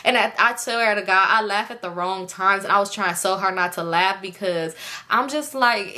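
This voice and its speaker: A young woman with a bright, forceful voice tells a personal story straight to her viewers. She talks in loose slang, swears a lot and jumps into the voices of the people she quotes, her delivery animated. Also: mid-range voice, brisk. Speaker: storytime vlogger.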